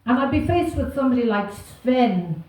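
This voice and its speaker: An Irish woman works through a stand-up set in a very echoey club, her slightly high voice carrying from a little way off the mic. She is self-deprecating and wry, chuckling through her punchlines. A faint hum of the room sits behind her. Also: animated, moderate pace, a little mellow, recorded from a distance. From Ireland. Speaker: stand-up comedian. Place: comedy club stage.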